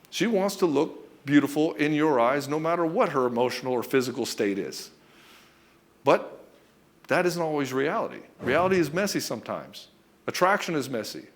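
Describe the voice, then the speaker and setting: A man coaching husbands in a blunt, profane way, often acting out quick back-and-forth exchanges between a husband and his wife. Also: a little high. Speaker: relationship coach. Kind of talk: direct-to-camera coaching talk.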